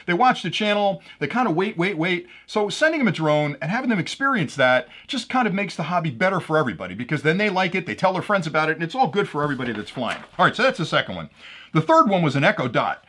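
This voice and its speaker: A man's voice: on the high side, fairly bright tone. A man hosting his own channel, casually announcing giveaway winners and telling jokes he laughs at himself. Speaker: drone channel host.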